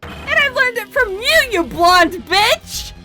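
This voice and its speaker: A woman's voice: very high-pitched, lively intonation, slow, over loud music. A woman hosting a game stream, chatting with friends and laughing, swearing freely as she reads the game aloud. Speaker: streamer and host. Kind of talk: casual stream chat and reading game lines aloud.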